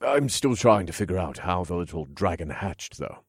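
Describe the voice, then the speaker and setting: Man, very low voice, calm audiobook narration, dry booth sound, close mic. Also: moderate pace, creaky, breathy edge, dry recording. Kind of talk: first-person fantasy audiobook narration.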